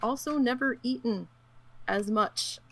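A woman on a casual gaming chat, her voice carrying a gravelly, fried edge. She tells stories with lively put-on quotes, and her talk is full of ums and easy fillers. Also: fairly high pitch, a little slow, a little hiss or hum. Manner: animated storyteller who acts out quotes; frequent fillers and laughs.

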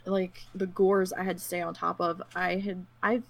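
A woman chatting casually about gaming, telling her stories with animated quotes and a lot of fillers. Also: fairly low pitch, moderate pace, vocal fry. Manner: animated storyteller who acts out quotes; frequent fillers and laughs.

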